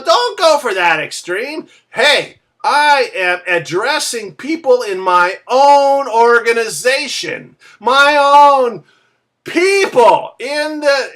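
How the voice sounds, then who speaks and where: A woman's voice: fairly high pitch, a bit bright. A woman vlogger delivering an impassioned rant to camera, searching for words and repeatedly bursting into a raised, emphatic voice. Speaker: vlogger and MLM member.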